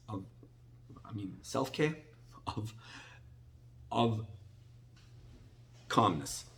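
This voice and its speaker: A middle-aged man, a rabbi, giving a conversational sermon-style Torah class, often restarting his phrases and acting out little dialogues. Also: fairly low pitch. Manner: conversational, repetitive restarts, acts out salesman dialogue.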